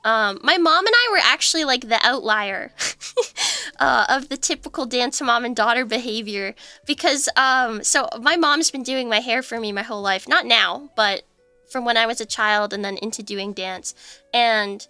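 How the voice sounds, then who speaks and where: A young woman streamer with a high, bright voice chats casually on a livestream, telling stories and laughing a lot at a moderate pace, with no echo in the sound.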